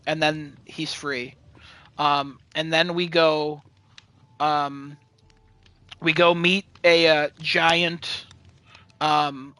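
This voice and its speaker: A man's voice: fairly high pitch, bright, forceful tone, poor audio. A man hosting a casual chat show, recapping a movie in a rambling, sarcastic way with lots of fillers and swearing. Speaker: podcast host.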